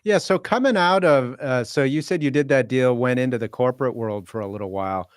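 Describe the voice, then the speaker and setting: A man's voice: medium pitch, a little fast, clean tone, no echo, clean studio sound. A man hosting a podcast, asking his guest questions in a loose, conversational way. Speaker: podcast host. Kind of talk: conversational interviewing.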